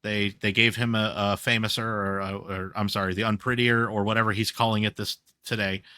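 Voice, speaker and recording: A man co-hosting a podcast, chatting casually and telling stories in an animated way. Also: on the low side, fairly quick, clean tone, dry recording, studio quality. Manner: animated storytelling, recapping wrestling events. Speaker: podcast co-host. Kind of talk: casual chat.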